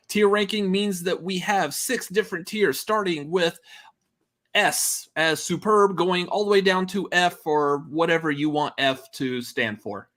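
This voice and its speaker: A man with a drawl, hosting a live movie-ranking stream in a loose, chatty way. His voice sits a little high, full of uhs and easy asides to the chat. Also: a bit bright. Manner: drawling, says y'all, many uh fillers, laughs easily.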